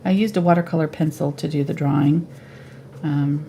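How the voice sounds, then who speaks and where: Relaxed woman teaching painting, slight vocal fry. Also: deep voice, moderate pace, slight background noise. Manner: relaxed, thinks aloud while painting. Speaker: painting instructor. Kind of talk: live painting tutorial.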